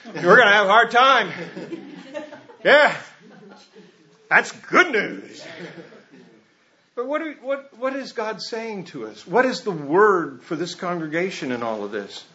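A man's voice: high voice, very animated, slow pace, pauses often, pushed and bright, highs cut off. Chatty, chuckling male preacher. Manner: conversational and humorous, with chuckles and acted asides. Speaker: pastor. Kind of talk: sermon.

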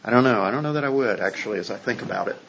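A man's voice: fairly low pitch, rapid-fire, creaky, fairly bright tone, lo-fi sound, a little hiss or hum. A man preaching a sermon as a pastor in a casual, joking, conversational way, often checking in with his listeners.

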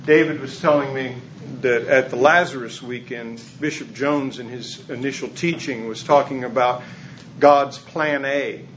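A man's voice: mid-range voice, fairly even intonation, unhurried, muffled recording, a little hiss or hum. A man preaching a sermon in a conversational, humorous way, chuckling as he goes. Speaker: pastor.

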